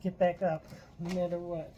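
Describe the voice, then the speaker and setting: A woman's voice: lowish voice, flat delivery, moderate pace, dull audio, background noise. A woman talking in an earnest, frustrated personal vlog, doing a tarot reading and stopping now and then to apologize. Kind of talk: emotional personal vlog monologue.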